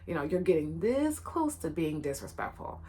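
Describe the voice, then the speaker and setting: A woman voicing a patient, kind male middle school teacher who speaks in a calm, gentle way. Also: deep voice, moderate pace, a little hiss or hum, pitched below the performer's own voice.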